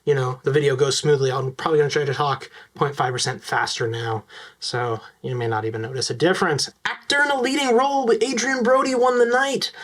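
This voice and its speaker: A young vlogger talks through his film picks with casual enthusiasm, speaking quickly and leaning on lots of fillers. His voice is on the high side.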